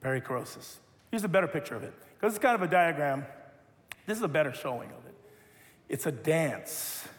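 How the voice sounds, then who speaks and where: A man preaching a sermon, leading a playful live object lesson with animated, joking delivery. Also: fairly high pitch, a little fast. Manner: animated, rises to loud exhortation. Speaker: pastor. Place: large church hall. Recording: long reverb of a hall.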